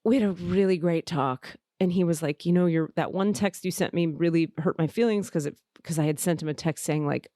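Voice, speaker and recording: A woman with a fairly low voice tells a personal story as a podcast host. She speaks frankly and expressively and swears freely. The sound is dry and close. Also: brisk, few pauses, mellow, no echo.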